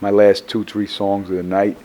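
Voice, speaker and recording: A middle-aged man, a rapper, talking in a casual interview, tired and hoarse after a show, rambling with stammered restarts and plenty of swearing. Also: fairly low pitch, monotone, normal speed, mellow. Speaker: rapper guest.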